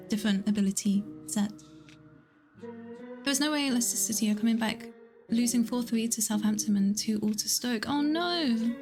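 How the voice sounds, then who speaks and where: A young woman with a slightly high voice runs a relaxed livestream from home, keeping up a chatty back-and-forth. She reads viewers' messages aloud and answers them with quick giggles while quiet music plays in the background.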